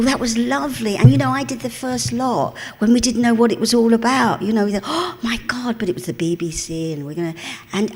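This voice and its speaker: An older woman with an East End London accent, a guest in a live stage interview, telling chatty, animated stories and often laughing. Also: on the high side. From England. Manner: chatty, animated storyteller, laughs often, calls people darling. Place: cinema auditorium with a live audience. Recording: long hall reverb.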